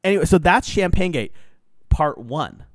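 A man casually retelling a reality show episode, swearing freely, speeding up and slowing down with many fillers. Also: on the high side, no room sound, studio quality. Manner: animated, profane storytelling with lots of fillers.

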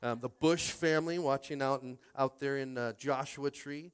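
A man's voice: medium pitch, moderate pace, smooth. A man preaching a Sunday sermon as pastor, stumbling over repeated words and rallying his listeners.

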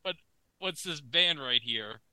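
A man's voice: a little high, lively intonation, slow, sharp tone, clean tone, poor audio. A man co-hosting a podcast, riffing jokingly in casual comedic commentary on an old TV broadcast. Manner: jokey, puts on silly announcer voices. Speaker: podcast co-host.

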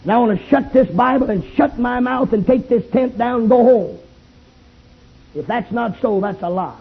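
Shouting preacher, lo-fi tape. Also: male voice, very high voice, lively intonation, moderate pace, vocal fry, breathy edge. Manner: shouting, calls for amens. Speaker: Baptist preacher. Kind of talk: fiery revival sermon. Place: revival tent. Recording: tinny lo-fi old tape recording.

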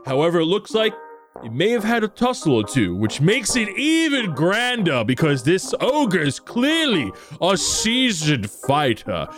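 Pompous bragging warrior, voiced by a man, lively, music bed. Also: high-pitched, unhurried, pitched above the performer's own voice, full character voice. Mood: boastful. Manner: grandiose, self-satisfied. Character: boastful male warrior hero, pompous showman.

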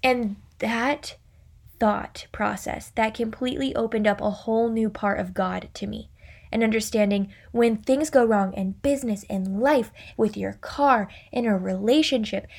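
Podcast host, young woman, somewhat high voice with a gravelly fry, chatty storyteller. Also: measured pace. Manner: chatty, animated storytelling with acted-out quotes. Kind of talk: faith and business podcast talk.

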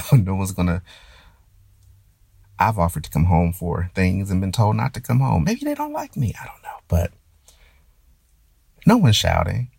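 A very low-voiced man with a gravelly, husky edge, speaking in a dry, close recording. He muses through a personal monologue in a halting way, stammering and circling back as he searches for words. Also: darkish tone, no room sound. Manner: hesitant, restarts and stammers. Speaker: performer.

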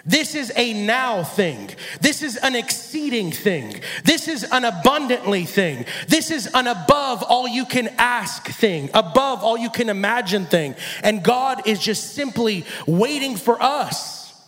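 A male guest preacher giving an energetic sermon, often repeating phrases and acting out conversations from scripture. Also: extremely high pitch, measured pace, long reverb tail. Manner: energetic, repetitive, acts out dialogue with God. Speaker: guest speaker. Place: church.

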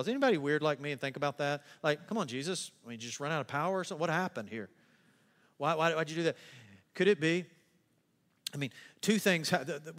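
Male pastor, animated sermon delivery, higher than average voice, long hall reverb. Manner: animated preaching, acts out quotes in a higher voice.

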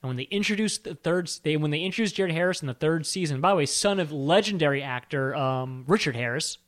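A middle-aged man co-hosting a podcast, talking about a film in an animated, opinionated way, with sudden high-pitched bursts. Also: fast. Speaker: podcast co-host. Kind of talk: casual film discussion.

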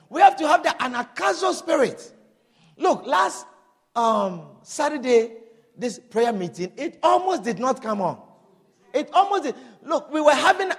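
High-pitched, lively preaching man in echoing hall. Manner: emphatic preaching with call-and-response amens. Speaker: pastor. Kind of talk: sermon.

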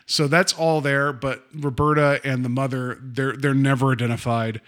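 A man's voice: mid-range voice, moderate pace. A man co-hosting a podcast in casual chat, talking loosely about a story and acting out quotes. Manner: chatty, quotes others in animated voices. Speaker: podcast co-host.

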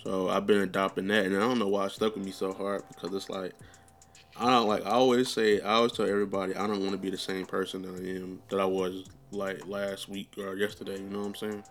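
A man's voice: sits low, level tone, fast. A young man hosting a podcast, chatting casually in a rambling, profane way with lots of fillers. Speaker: podcast host. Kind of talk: casual chat.

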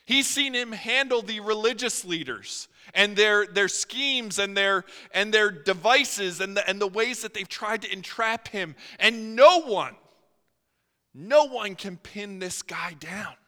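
High, bright-voiced preacher in a hall. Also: male voice, a little slow. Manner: earnest, voice swells and drops for emphasis. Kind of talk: sermon. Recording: reverberant hall.

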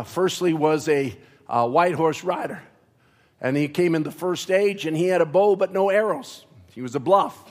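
A man preaching in a church, pitched a touch high and taking his time over each phrase. He talks slowly and deliberately, turning to the congregation now and then, and a nagging cough keeps breaking in. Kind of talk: sermon. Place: church sanctuary.

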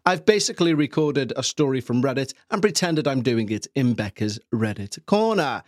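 Male podcast host, mid-pitched, reads a story and drifts into jokey asides, close and dry. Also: sing-song, normal speed, dry recording. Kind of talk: casual chat and story reading. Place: home couch.

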